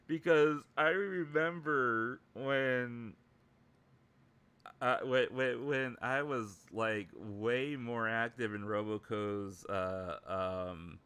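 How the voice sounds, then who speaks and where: A man hosts a laid-back livestream in an unhurried, meandering way. His voice is bright and clean, with a smooth, clear tone. He fills his sentences with stray words and restarts as he goes. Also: mid-range voice, no room sound. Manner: rambling, heavy use of fillers. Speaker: livestream host. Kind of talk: casual livestream chat.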